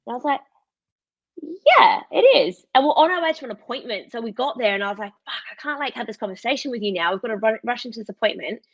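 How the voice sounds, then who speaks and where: A woman's voice: fairly high pitch, very fast, few pauses, no room sound, muffled recording. A woman in her thirties with an Australian accent, a podcast guest telling a story in casual chat, candid and laughing often. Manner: candid, laughs often, quotes others in lively voices.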